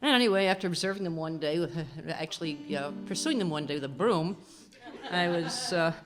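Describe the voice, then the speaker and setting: A woman's voice: on the low side, animated, moderate pace. A woman folk singer chatting wryly between songs at a convention concert, laughing at herself as she introduces her pieces. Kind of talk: casual stage patter between songs. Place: indoor convention concert room. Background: guitar being strummed and tuned.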